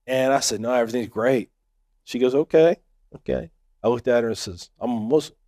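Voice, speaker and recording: A man's voice: medium pitch, fairly even intonation, quick pace, a little mellow. A man telling a funny personal story in a chatty, joking way, often checking in with his listeners. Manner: joking, chatty, keeps saying right. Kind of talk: storytelling talk.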